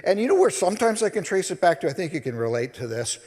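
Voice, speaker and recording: A male minister giving a sermon, telling scripture stories in an animated way and acting out the voices. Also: high-pitched, fast talker. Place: church sanctuary. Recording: long reverb of a large hall.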